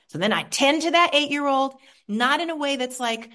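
A woman from Queens, New York, candidly sharing her personal recovery story at a support meeting, animated and shifting between soft and lively. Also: high voice, moderate pace.

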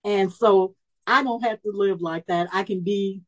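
A woman of about seventy telling a personal story at a recovery meeting, lively and animated, acting out the voices she quotes. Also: medium pitch, unhurried, poor audio. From Chicago area. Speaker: speaker sharing her story at a recovery meeting.

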